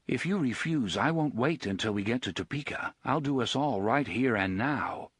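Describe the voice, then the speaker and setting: A man's voice: medium pitch, lively intonation, moderate pace, fairly bright tone, husky, dry recording, studio quality. A man voicing a cold, arrogant male computer that runs a train and makes threats. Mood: demanding. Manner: cold, demanding, meditative.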